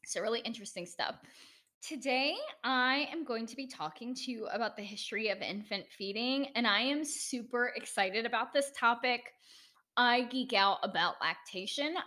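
A woman with an American accent hosts a solo podcast episode, talking in an eager, chatty way and poking fun at herself now and then. Her voice is bright and clear in tone. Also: fairly high pitch. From United States. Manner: enthusiastic, chatty, self-deprecating asides. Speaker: podcast host. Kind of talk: solo educational podcast talk.

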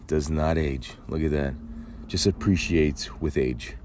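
With a bass voice and an unhurried delivery, a male podcast host wanders through a crude, jokey monologue, telling lively stories over a noisy background.

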